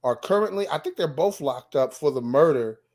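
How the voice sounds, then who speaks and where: A man with a New York accent in casual podcast chat, his voice sitting a little high. He talks in an easygoing way and keeps his co-host going with quick agreement. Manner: relaxed, agreeable, chimes in with short replies.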